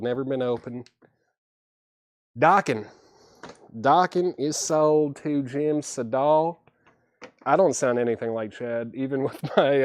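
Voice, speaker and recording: A man hosting a live vinyl record sale, listing titles, conditions and prices in steady patter with self-deprecating asides. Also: medium pitch, no echo, clean studio sound. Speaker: host selling vinyl records on a livestream.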